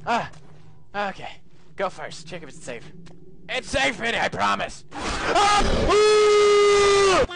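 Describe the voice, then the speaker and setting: A man's voice: high-pitched, big pitch swings, normal speed, gravelly. A young adult man doing let's play commentary, switching between frantic screaming and yelping and silly voices. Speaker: gaming commentator. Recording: loud background noise.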